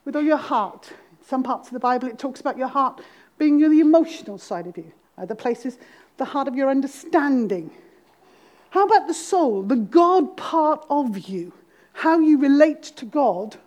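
A middle-aged Welsh woman with a Welsh accent, preaching a sermon to a congregation with humor and dramatic pauses. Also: high voice, a little mellow. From Wales.

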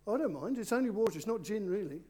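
A man's voice: high voice, lively intonation, fast talker, mellow. A man leads a children's talk during a church service. He speaks playfully and coaxes the young volunteers at the front. He addresses the congregation around him as he preaches. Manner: playful, coaxing, talks directly to volunteers.

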